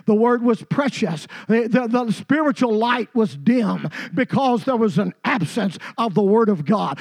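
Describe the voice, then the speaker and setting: A middle-aged man preaching a sermon with a husky, fairly high voice. He drops low and quiet to tell the story, then builds to emphatic shouted declarations. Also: expressive, a little slow, few pauses.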